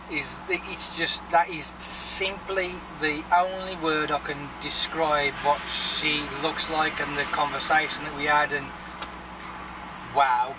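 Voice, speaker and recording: Brief: male vlogger, chatty and sweary, slightly high voice, mic set back with loud traffic behind. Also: recorded from a distance. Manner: rambling, chatty, swears freely. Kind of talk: casual vlog chat.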